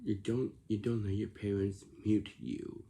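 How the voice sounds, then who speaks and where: A man's voice: on the low side, flat delivery, unhurried, gravelly, dark tone, breathy edge. A man talking casually to camera, lecturing about lazy and rude behaviour and repeating himself often. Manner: repetitive, lecturing about manners.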